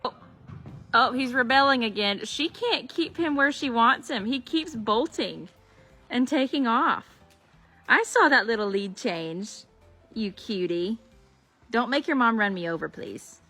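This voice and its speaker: A woman's voice: on the high side, animated, unhurried, sharp tone, soft background music. A woman filming her foals in a barn, gushing at them in casual baby talk. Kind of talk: casual vlog talking to foals. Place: horse barn and arena.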